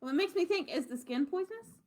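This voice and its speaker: A woman with a high, lively voice chats at a book club. She is curious and playful and keeps asking questions. Her pitch swoops up and down as she talks. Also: quick pace. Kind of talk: casual chat.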